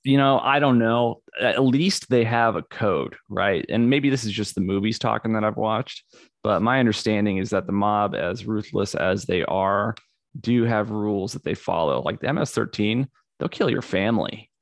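A man with a fairly low, gravelly voice talks as a podcast guest, laid-back and crude in casual chat. The recording is dry and close. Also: normal speed, no room sound.

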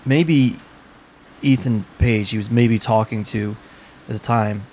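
A man who works as a ring announcer, recalling anecdotes in relaxed casual chat. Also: fairly low pitch, slow pace, slight background noise.

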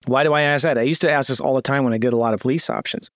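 A man's voice: mid-range voice, very fast, few pauses, dry recording, studio quality. A man teaching a real estate sales script, acting out seller calls with a lifted, eager voice between plain explanation and restarts. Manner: acts out phone lines in a lifted, eager voice; fillers and restarts, talks through a script. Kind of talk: screen-share teaching, casual.

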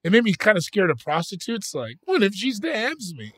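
A young man co-hosting a casual podcast, animated and rambling, often restarting his sentences. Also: high-pitched, normal speed, no room sound. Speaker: podcast co-host.

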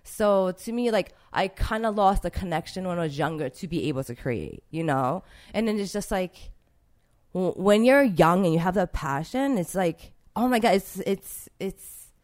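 A woman's voice: on the low side, lively intonation, normal speed, darkish tone. Young woman gushing in an interview, says like a lot, voice bouncing all over. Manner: chatty, emotional, full of fillers like "like". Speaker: interviewed street artist. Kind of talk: casual interview talk.

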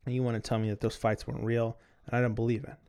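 A man voicing a steady, loving wife in a soft, earnest read in his own low voice. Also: very fast, clear, resonant tone, natural voice. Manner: soft, earnest, quiet reading. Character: steady, loving adult wife urging her husband on.

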